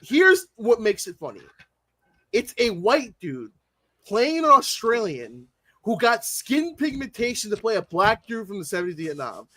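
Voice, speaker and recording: A man's voice: high voice, big pitch swings, measured pace, bright, forceful tone. A man hosting a casual film review chat, rambling and opinionated with many fillers. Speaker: podcast host. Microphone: remote call mic.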